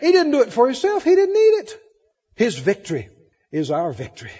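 A man preaching a sermon, animated, swinging between loud emphasis and soft asides. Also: extremely high pitch, a little fast, slightly rough, long reverb tail, dull audio.

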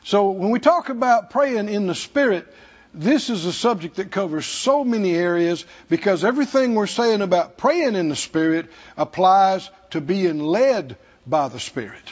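Folksy Southern preacher, husky and lively. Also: male voice, high voice, normal speed, lo-fi sound. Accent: Southern American. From American South. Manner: folksy, humorous, laughs between points. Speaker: pastor. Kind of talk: sermon. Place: church sanctuary.

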